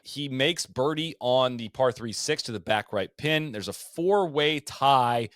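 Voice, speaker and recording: A man co-hosting a podcast, telling golf history in a loose, animated way, full of fillers and restarts. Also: mid-range voice, unhurried, no room sound, clean studio sound. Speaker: podcast co-host. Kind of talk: casual golf history chat.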